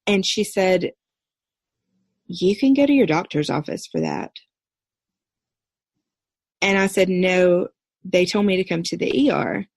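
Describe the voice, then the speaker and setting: A woman in her thirties, a podcast guest, earnestly telling a personal story in a steady recounting way. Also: on the low side, unhurried, long pauses, dry recording. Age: 30s. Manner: earnest, steady recounting with brief quoted dialogue.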